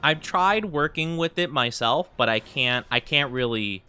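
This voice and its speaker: A man's voice: mid-range voice, lively intonation, a little slow, bright, forceful tone, clear, resonant tone, faint music behind. A man livestreaming a game, chatting casually and ramblingly with his viewers. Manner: rambling and chatty, with lots of fillers. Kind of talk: casual chat with viewers while playing a game.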